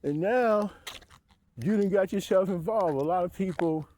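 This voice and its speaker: Profane rambling man, high voice. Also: unhurried, a little mellow. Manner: profane, rambling, laughing to himself, mocking high voice for quotes. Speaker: vlogger. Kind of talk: rambling monologue to camera.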